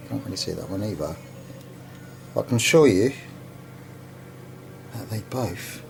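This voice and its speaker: A man filming a casual video tour of his home kitchen and garden, talking in a meandering way with many pauses and fillers. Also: lowish voice, a little mellow, slight background noise. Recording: music clearly behind the voice.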